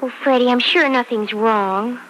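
An actress playing a cheerful, giggly young bride-to-be in a 1940s radio drama. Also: female voice, fairly high pitch, moderate pace, a bit bright, a little hiss or hum, lightly acted, rough recording. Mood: tender. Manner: bubbly, giggly, exclaims "Crickets".

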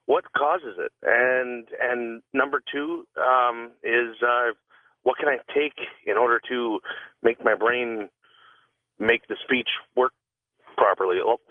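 A man calls in to a radio show. He stutters and hesitates, leaving many "um" and "uh" fillers, and he talks slowly. He comes through a tinny, dry phone line. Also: mid-range voice, dry recording. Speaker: caller.

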